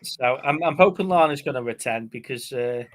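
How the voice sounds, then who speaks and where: A man with a mid-range voice at normal speed co-hosts a movie live stream. Chatty and meandering, he tells stories sprinkled with plenty of fillers.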